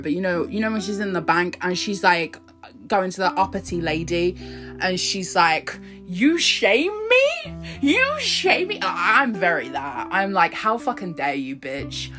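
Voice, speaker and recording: A woman's voice: fairly low pitch, bright, forceful tone. A young woman reading her own breakup poetry and ranting about it in a profane, self-mocking confessional chat. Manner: profane, ranting, laughing at herself. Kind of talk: confessional casual monologue.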